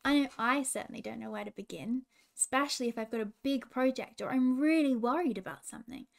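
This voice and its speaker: A woman with an Australian accent reading a children's story with gentle coaching asides. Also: high-pitched, fast, gravelly. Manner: warm, gentle, chatty with children.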